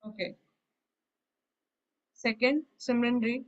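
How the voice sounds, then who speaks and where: A woman's voice: fairly high pitch, steady tone, slow, dull audio. A woman teaching a French class, reading short phrases and then explaining each one in English. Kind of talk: online language class explanation.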